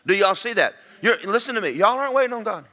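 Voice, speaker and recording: Bright-voiced preacher. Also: male voice, high-pitched, expressive, fast. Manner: conversational preaching with storytelling and repetition. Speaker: pastor. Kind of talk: sermon.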